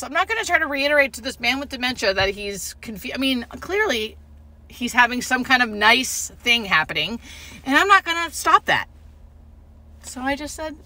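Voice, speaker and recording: A woman who works as a hospice nurse, casually telling a story to camera in an animated, expressive way. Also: sits high, a little fast. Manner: animated, expressive retelling with quoted dialogue.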